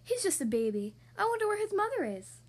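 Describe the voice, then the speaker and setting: A woman voicing a young mermaid princess in a storybook reading, speaking high, sweet and breathless. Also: very animated, brisk. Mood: eager.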